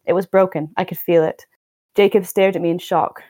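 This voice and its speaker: With a lowish, steady, warm voice and a brisk pace, this young podcast host reads from a novel and follows it with casual commentary. There's no echo. Her remarks are wry and exasperated, and she trips over lines and starts them again as she reads.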